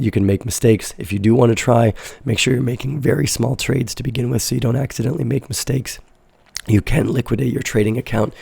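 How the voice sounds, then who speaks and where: A man hosting a casual live crypto market analysis, hoarse and stuffy-nosed, explaining in a loose, rambling way with frequent self-corrections. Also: mid-range voice, mellow, dry recording. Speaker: crypto trading show host.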